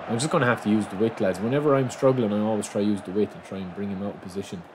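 A man giving excitable live commentary on his own football video game, reacting aloud and calling his viewers lads. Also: on the low side, very fast. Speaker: gaming channel host. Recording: noisy game sound mix.

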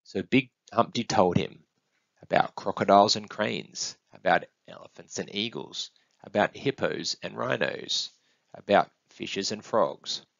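A man reading a picture book aloud in an expressive, sing-song storytelling manner. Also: fairly low pitch, a little slow, creaky, dry recording. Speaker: storybook reader. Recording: dull, dry close recording.

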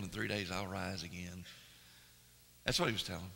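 A man preaching a sermon, moving between hushed, slow emphasis and loud, excited storytelling. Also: sits low, gravelly, breathy edge. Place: church sanctuary. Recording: long reverb of a church hall.

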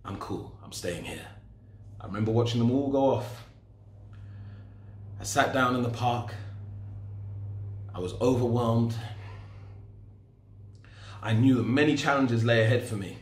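A man's voice: mid-range voice, fairly even intonation, a little slow, pauses often, a little mellow, a little hiss or hum. A middle-aged man giving a personal testimony talk as a guest speaker, telling his story and retelling past conversations. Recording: roomy echo.

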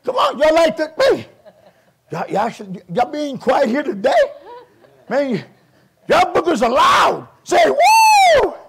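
A man preaching a Pentecostal sermon in a church as a guest preacher, fervent and often shouting, with call-and-response. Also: very high-pitched, sing-song, unhurried, vocal fry, pauses often, slight background noise. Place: church sanctuary.

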